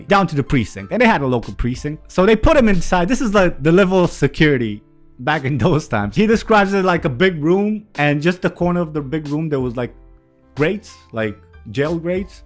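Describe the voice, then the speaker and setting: A man in his thirties from Romania telling a family story in a casual, profane, animated way, often laughing. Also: on the high side, moderate pace, faint music behind.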